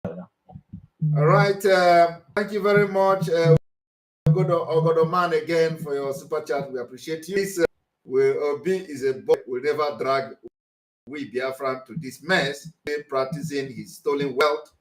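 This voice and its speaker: A man's voice: fairly high pitch, normal speed. A man hosting a live call-in broadcast, laughing often and repeating his thanks. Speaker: host. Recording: echoey room.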